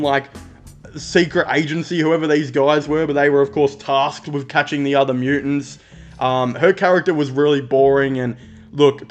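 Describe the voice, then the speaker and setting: An Australian man giving a casual, rambling movie review, blunt and quick to swear. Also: a little high.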